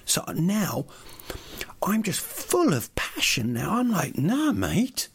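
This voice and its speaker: A man's voice: on the high side, vocal fry, slightly rough. A man, a comedian, telling a rambling, sweary comic story that keeps getting more worked up.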